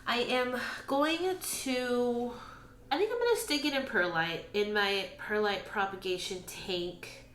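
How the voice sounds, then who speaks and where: In an echoey room with faint background ambience, a woman vlogging about plants talks slowly and casually, addressing her plants directly. Her pitch is fairly high and her tone fairly bright.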